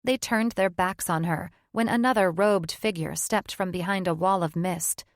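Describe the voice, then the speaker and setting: A woman reading a fantasy audiobook in scripted narration, measured and even. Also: lowish voice, dry recording.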